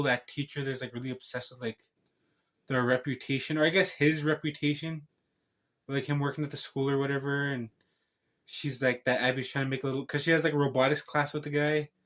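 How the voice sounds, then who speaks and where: A man's voice: medium pitch, fairly bright tone. Rambling casual man reviewing a film. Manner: meandering, self-interrupting, joking asides. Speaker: channel host reviewing a film.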